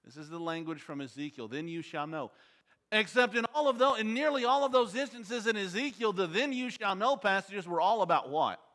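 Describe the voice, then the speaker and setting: Bright-voiced man teaching a Bible class. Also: high-pitched, lively intonation, a little fast. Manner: quizzes the class with questions. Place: church auditorium. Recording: long hall reverb.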